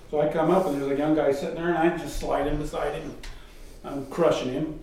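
A man, a guest, telling a personal missionary story in a casual, animated way and mimicking the voices of people in it. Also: a little high, brisk. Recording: distant mic in a very echoey room, faint noise.

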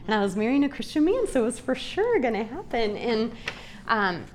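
A woman's voice: fairly high pitch, big pitch swings, slight background noise. A woman in her forties giving a personal, earnest Bible teaching talk to a group, speaking in a confessional way. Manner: earnest, confessional, slow and deliberate. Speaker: speaker at a Christian women's gathering.

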